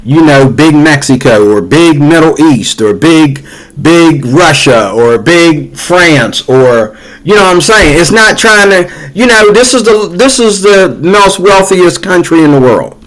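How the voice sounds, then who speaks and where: A man's voice: on the high side, lively intonation, takes it slowly, fairly bright tone, poor audio. Heated man reacting to clips. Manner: heated, repetitive, conversational with fillers. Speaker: commentary channel host.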